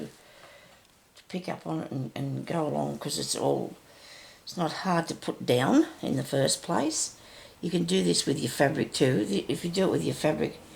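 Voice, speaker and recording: Older woman with a gravelly voice. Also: darkish tone. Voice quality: raspy, deep, gravelly voice. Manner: chatty, rambling, self-interrupting. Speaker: sewing tutorial host. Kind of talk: casual stitching tutorial.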